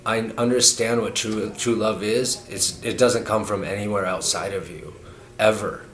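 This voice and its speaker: A man's voice: lowish voice, fairly even intonation, normal speed, fairly bright tone. A man in his thirties talking in a rambling, earnest spiritual monologue, full of restarts and fillers. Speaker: vlogger. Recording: echoey room with faint noise.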